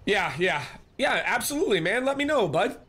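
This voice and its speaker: Bright-voiced male streamer chatting with viewers. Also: high-pitched, sing-song, a little fast, slightly rough. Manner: rambling, restarts often, reads chat aloud; friendly, thanks viewers. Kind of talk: casual live-stream chat.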